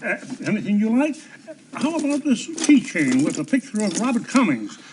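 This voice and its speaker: Squeaky old grandpa peddler. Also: male voice, big pitch swings, normal speed, noisy background. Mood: hawking. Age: older. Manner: salesman patter. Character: chatty old grandpa hawking souvenirs. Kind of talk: 1970s TV soap acting.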